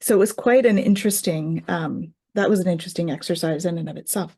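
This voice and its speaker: A woman's voice: on the low side, quick pace, mellow, slightly rough. A woman who teaches Reiki tells a personal story in casual chat, acting out quoted voices and laughing often.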